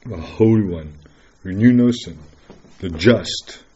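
A man preaching a dramatic, earnest sermon full of rhetorical questions, swinging between loud declarations and hushed words. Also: sits low, takes it slowly, slightly rough, muffled recording.

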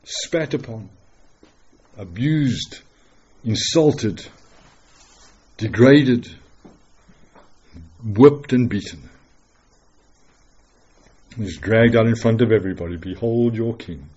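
A man delivers an earnest, dramatic sermon, pressing his listeners with rhetorical questions and dropping from loud declarations to hushed words. His voice is low, mellow and slightly husky. The recording sounds dull and lo-fi. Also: animated, slow pace, pauses often. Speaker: preacher.

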